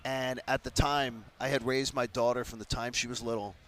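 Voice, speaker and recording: Animated fifties sports-talk man. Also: mid-range voice, normal speed. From Philadelphia area. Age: 50s. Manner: animated, emphatic storyteller. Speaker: sports radio guest. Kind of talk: casual radio row interview.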